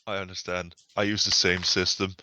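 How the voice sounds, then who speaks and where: A man's voice: sits low, little pitch movement, fairly quick, pushed and bright, slight background noise. A man playing a tabletop game, making wry, dry asides. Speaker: player.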